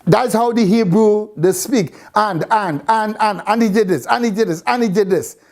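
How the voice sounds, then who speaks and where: A woman's voice: mid-range voice, moderate pace, a little mellow. A woman teaching a Bible class, repeating phrases and quizzing her students with questions. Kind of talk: interactive scripture class.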